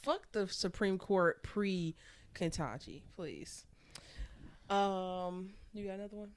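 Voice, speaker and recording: A woman's voice: mid-range voice, slow. Young woman, casual co-host, blunt and giggly. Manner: frank, laughs a lot, swears casually. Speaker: podcast co-host. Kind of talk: casual chat.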